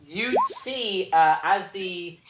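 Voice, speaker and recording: A man running a tabletop game as game master, talking in a relaxed, rambling way, often restarting his sentences. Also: high-pitched, extremely slow, background noise. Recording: roomy echo.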